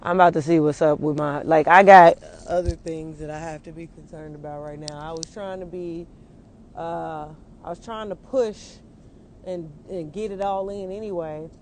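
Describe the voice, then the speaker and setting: A woman's voice: low voice, fairly even intonation, moderate pace, slight background noise. A young woman venting casually and angrily on a phone livestream outdoors, swearing often and rambling with many fillers.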